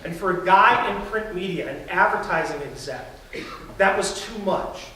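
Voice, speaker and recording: Pastor preaching in an echoey church. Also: male voice, high voice, expressive, moderate pace, bright, forceful tone, a little hiss or hum. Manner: conversational storytelling preaching. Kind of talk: sermon. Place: church sanctuary. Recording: very echoey church, distant mic.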